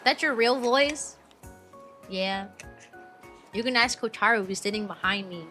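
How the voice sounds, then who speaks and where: A woman's voice: medium pitch, measured pace, pushed and bright, faint music behind. A young adult woman streaming as a VTuber, chatting casually with viewers, filling her talk with "like" and laughing often.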